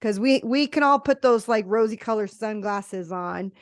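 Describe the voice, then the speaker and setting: Woman host, encouraging and conversational, mid pitch, dry close recording. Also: normal speed, no echo. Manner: encouraging, many short affirmations. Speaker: podcast host. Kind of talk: casual conversational interview.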